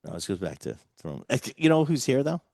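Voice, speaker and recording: A man's voice: medium pitch, big pitch swings, fast talker, vocal fry, a little mellow, no echo, clean studio sound. A man hosting a casual radio talk show, chatting loosely and restarting his sentences often. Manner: chatty, rambling with many restarts.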